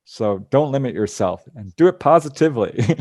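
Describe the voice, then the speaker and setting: A man's voice: medium pitch, animated, normal speed, darkish tone, dry recording, studio quality. Earnest man recounting spiritual experiences. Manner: earnest storytelling, laughs often. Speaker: guest speaker. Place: home. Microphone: video call.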